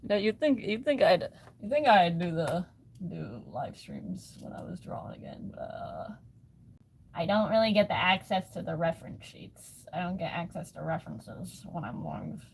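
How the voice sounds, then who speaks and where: A woman's voice: lowish voice, very animated, moderate pace, vocal fry, slightly rough. A woman chatting casually on a live stream, rambling and laughing at herself, recorded on a phone. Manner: rambling, self-mocking, often laughing.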